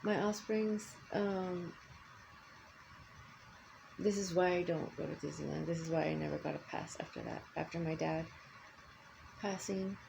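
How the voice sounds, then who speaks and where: A woman's voice: lowish voice, fairly even intonation, unhurried, creaky, pauses often, darkish tone, rough recording. Older woman, furious profane vlog rant, faint background noise. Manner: angry profane ranting.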